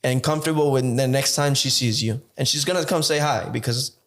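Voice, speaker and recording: Male podcast co-host, frank advice-giver with casual swearing, mid-pitched voice. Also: fairly quick, a bit bright.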